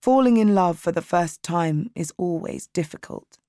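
A woman reading aloud and voicing a kind, patient male school librarian in a soft, lowered voice. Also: animated, normal speed, no room sound, studio quality, natural voice. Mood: gentle.

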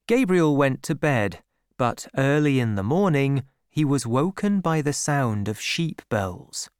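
A man narrating a story, reading slowly and expressively, on a close studio mic. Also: medium pitch, dry recording. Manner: slow, clear, expressive reading. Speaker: audiobook narrator.

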